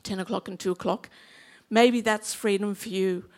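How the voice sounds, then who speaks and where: A woman's voice: mid-range voice, fairly even intonation, normal speed. A woman in her fifties with an Australian accent, preaching a sermon in a chatty, humorous way and drawing in the congregation. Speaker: pastor.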